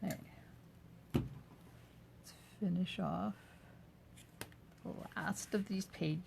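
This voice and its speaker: An older woman's gravelly, fry-tinged voice, pitched a little low, hosting a live craft demo from her home craft room. She talks at an unhurried pace, narrating each step of her work and casually answering viewers' comments as they come in. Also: fairly even intonation, background noise. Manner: chatty, answers viewer comments while working. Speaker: craft video host.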